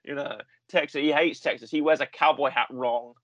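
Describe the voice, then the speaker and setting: A man co-hosting a wrestling review show, telling stories in a rambling, animated way with lots of repetition. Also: medium pitch, a little fast, no echo, highs cut off. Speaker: podcast co-host. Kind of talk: casual chat.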